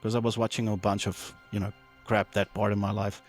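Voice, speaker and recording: A man guest on a podcast telling a personal testimony in an animated way, acting out the voices he quotes, with many fillers and restarts. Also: fairly low pitch, fairly quick, soft background music.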